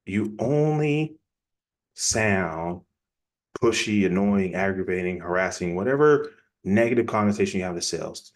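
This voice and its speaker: A man giving a casual, energetic sales-coaching presentation in a plainspoken, conversational way. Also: deep voice. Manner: energetic, acts out quick example dialogues. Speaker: business coach.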